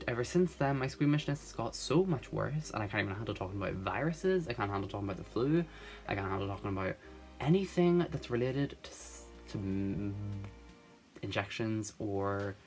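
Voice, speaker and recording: A teenage boy telling a rambling storytime, laughing often and saying "like" a lot. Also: lowish voice. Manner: giggly, rambling, lots of "like". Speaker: vlogger. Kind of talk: casual storytime chat.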